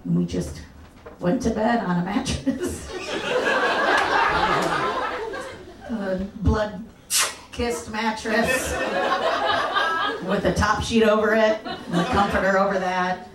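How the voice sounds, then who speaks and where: A woman telling a crude, self-mocking personal story live onstage, animated and laughing through her punchlines. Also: mid-range voice, slow, pauses often, heavy background noise. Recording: echoey live room, mic at a distance.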